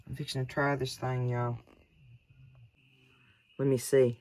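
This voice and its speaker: A female cooking show host gives a casual demonstration outdoors at night, chatting with her viewers directly in a folksy way. Her voice is rumbling and low, slightly mellow and a little slow, with a level tone.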